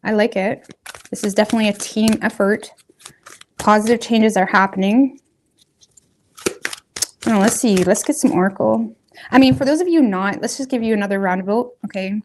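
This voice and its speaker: A woman's voice: medium pitch, moderate pace, long pauses. A woman giving a casual tarot reading, talking straight to her viewers in a loose, rambling, colloquial way. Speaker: tarot reader.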